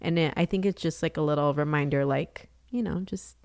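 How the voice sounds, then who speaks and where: A woman's voice: deep voice, fairly quick, darkish tone. A woman in her thirties co-hosting a podcast, telling stories in a candid, chatty way with plenty of fillers. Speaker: podcast co-host. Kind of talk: casual chat.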